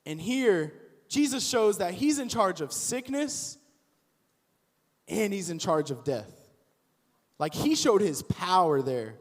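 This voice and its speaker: A young man giving a casual, animated youth sermon as a youth pastor, acting out the people in the story as he goes. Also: high voice, takes it slowly, pauses often. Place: church auditorium. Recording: long hall reverb.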